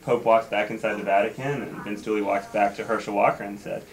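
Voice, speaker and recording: A man's voice: lowish voice, steady tone, fairly quick. A man telling a long, rambling joke at a family holiday gathering, caught on a home camera mic. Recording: home recording with chatter behind.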